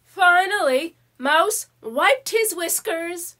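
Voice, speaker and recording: A woman reading a children's story aloud in a slow, careful way. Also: extremely high pitch, big pitch swings, bright, forceful tone.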